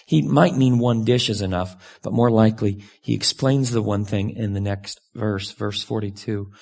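A man giving a sermon as a pastor, talking in a candid, conversational way with sudden lively jumps in pitch. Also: moderate pace, few pauses. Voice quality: gravelly and husky.

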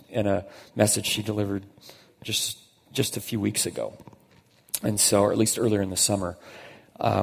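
Husky gravelly pastor in an echoey hall. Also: male voice, fairly low pitch, darkish tone. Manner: conversational, emphatic, slows on key phrases. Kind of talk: sermon.

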